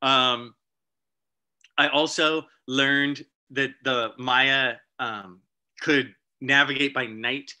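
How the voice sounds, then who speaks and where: A man giving a casual storytelling slide talk to an astronomy club, chatty and animated, with many fillers and restarts. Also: mid-range voice. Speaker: guest presenter at an astronomy club meeting.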